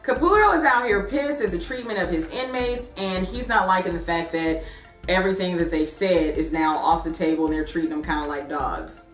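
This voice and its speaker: A woman casually recapping a TV season for her vlog, chatty and animated, with frequent "um" and "like". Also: on the low side, a little fast, soft background music. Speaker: TV recap vlogger. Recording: echoey room.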